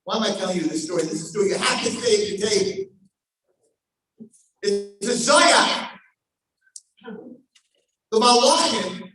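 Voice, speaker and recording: Male preacher, high voice, heard from far off in a very echoey hall; dramatic storyteller. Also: big pitch swings, measured pace, pauses often, slight background noise. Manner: acts out voices, swings from hushed to shouting. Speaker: daf yomi teacher. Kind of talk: sermon storytelling.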